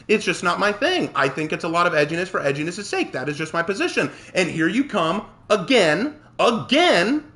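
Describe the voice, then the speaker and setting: A male streamer rants at his chat while he plays, heated and indignant. His voice sits high and leaps around in pitch as he pushes back at viewers by name. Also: pushed and bright. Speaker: streamer and writer. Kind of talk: live-stream rant to chat while gaming.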